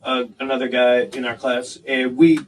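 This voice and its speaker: A man's voice: medium pitch, level tone, normal speed, far from the mic, slight background noise, poor audio. A man co-hosting a podcast, telling casual, profane stories about his military training, laughing often and acting out the voices of the people in them. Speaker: podcast co-host, former Navy SEAL. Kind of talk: casual storytelling chat.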